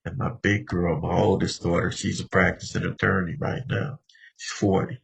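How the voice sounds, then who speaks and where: A man in his seventies from Los Angeles is the speaker at a recovery meeting, sharing his personal recovery story conversationally and often talking straight to the room. His low voice has vocal fry and a breathy edge, with fairly even intonation, a measured pace and frequent pauses.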